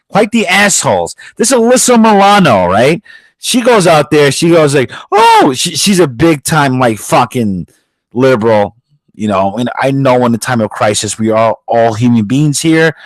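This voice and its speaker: Man, podcast host, aggressive profane rant, slightly high voice, dry sound. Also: big pitch swings, moderate pace, no room sound, low-quality recording. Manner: aggressive, swearing, mocking voices. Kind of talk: profane ranting commentary.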